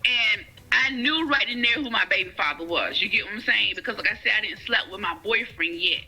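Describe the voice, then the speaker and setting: A woman's voice: medium pitch, animated, fairly quick, pushed and bright, low-quality recording. A woman telling her personal story in conversation, often checking "you get what I'm saying". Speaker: guest sharing her life story.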